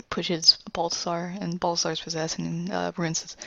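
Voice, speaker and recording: A woman walks through a scene from her animation pitch in a loose, casual way, full of ums and uhs. Her lowish voice has a gravelly edge. The recording is dry and dull, with a lo-fi sound. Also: completely flat delivery, moderate pace, few pauses, sharp tone, dry recording. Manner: loose storytelling with many fillers.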